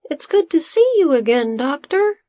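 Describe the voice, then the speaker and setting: A woman's voice: high voice, animated, moderate pace, dark tone, dry recording, studio quality, pitched above the performer's own voice. A woman voicing a nervous small male animal assistant who hops about and pleads anxiously, in a storybook reading. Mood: earnest.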